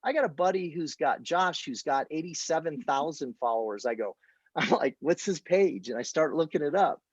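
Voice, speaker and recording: Expressive and fairly high-pitched, with a slightly rough voice at a moderate pace, a man gives a casual coaching talk on how to present a business opportunity. He tells stories and acts out conversations, and the audio is dull with no room sound.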